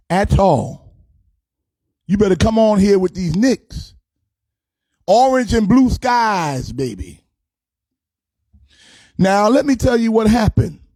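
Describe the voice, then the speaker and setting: A man rants about basketball as if from the pulpit. He is boastful and playful, and he slides into sing-song preacher cadences. His voice sits a little high yet sounds warm and mellow, recorded dry and close. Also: dry recording. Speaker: pastor. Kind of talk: comic sermon-style sports rant.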